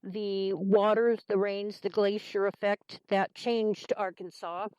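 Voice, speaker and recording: A woman's voice: mid-range voice, flat delivery, slow, darkish tone, smooth, dry recording, lo-fi sound. A woman from Kansas hosting a folksy talk radio show, chatting in a homey, meandering way with lots of fillers.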